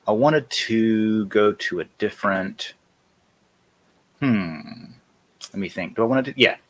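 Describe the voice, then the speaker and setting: A man's voice: on the low side, unhurried, a bit bright. A man hosting a casual live-stream chat, walking viewers through a website demo and correcting himself as he clicks through screens. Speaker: host.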